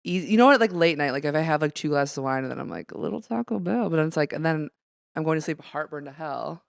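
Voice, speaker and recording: Lively woman guest on a comedy podcast. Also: sits low, gravelly, no echo, studio quality. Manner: lively, bouncy delivery with quick laughs and voiced asides. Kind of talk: casual comedy podcast chat.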